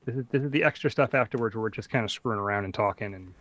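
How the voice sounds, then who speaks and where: A man co-hosting a podcast in casual chat, tossing in quick joking asides. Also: on the low side, fairly bright tone, dull audio. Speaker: podcast co-host.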